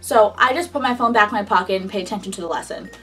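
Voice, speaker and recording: A woman's voice: medium pitch, very fast, recorded from a distance, soft background music. A young woman casually telling a personal story in a chatty style, full of "like". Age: young adult. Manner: chatty, frequent "like", animated retelling. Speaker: vlogger.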